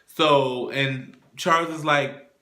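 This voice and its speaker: A man's voice: medium pitch, fairly even intonation, takes it slowly, pushed and bright. A man hosting a casual TV episode recap, profane and acting out the characters' lines as he retells scenes. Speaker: TV recap show host. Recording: echoey room.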